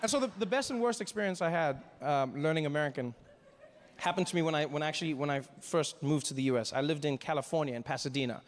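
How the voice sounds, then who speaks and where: A young man telling a stand-up story, acting out conversations in lively shifting voices. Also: a little high, fast, big-room sound. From South Africa. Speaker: stand-up comedian.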